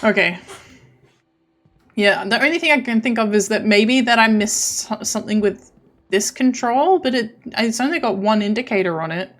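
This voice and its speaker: A woman's voice: fairly high pitch, lively intonation, moderate pace. A woman streaming a horror game, muttering to herself, hesitant and swearing freely. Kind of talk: live gaming commentary.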